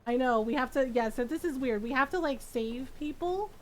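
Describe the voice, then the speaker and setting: A woman's voice: high-pitched, normal speed, a little hiss or hum, low-quality recording. A woman streamer chatting casually and affectionately while playing a game, laughing often.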